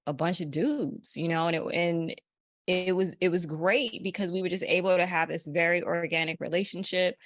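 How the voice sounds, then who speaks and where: A woman's voice: fairly low pitch, dry recording. A woman from the United States, a podcast guest, talking bluntly in slangy casual chat and laughing often.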